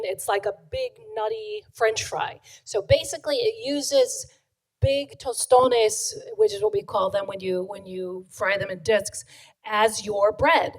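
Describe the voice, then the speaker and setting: Animated woman author, slightly high voice, acting out quotes at a live book event. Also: poor audio. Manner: chatty and animated, acts out quotes. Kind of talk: live book talk to an audience. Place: event room with an audience.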